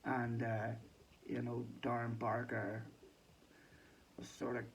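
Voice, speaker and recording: A man's voice: mid-range voice, completely flat delivery, takes it slowly, creaky, a little hiss or hum, rough recording. A Northern Irish man giving a casual, sweary and rambling boxing reaction with a mocking tone. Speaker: boxing commentator. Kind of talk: casual chat.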